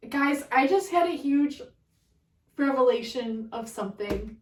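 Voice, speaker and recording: A woman with a fairly high voice gives a casual card reading to her viewers, emotional and overwhelmed as she talks. She sits back from the mic, and the room is echoey. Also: normal speed, distant mic. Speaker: tarot card reader.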